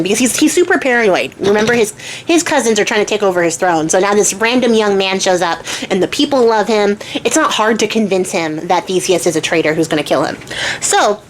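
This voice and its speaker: A woman's voice: mid-range voice, animated, brisk, a little hiss or hum. A young woman retelling a myth in a casual, slangy way, swearing and acting out the characters' lines. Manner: slangy, chatty, swears, acts out voices. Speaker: storyteller.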